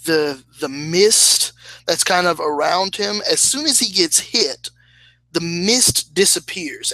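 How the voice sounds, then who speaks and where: A man narrating as game master of a tabletop game, speaking slowly with hesitant fillers and laughing at his own slips. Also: sits high, pushed and bright, dry recording, low-quality recording. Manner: slow, hesitant, laughs at himself.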